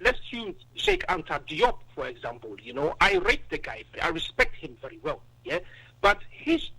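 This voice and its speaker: Guy calling in, high bright voice, gravelly, all over the place pitchwise, phone sound. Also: huge pitch swings, moderate pace, low-quality recording. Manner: casual, lots of "you know" and "yeah". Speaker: caller. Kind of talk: call-in discussion.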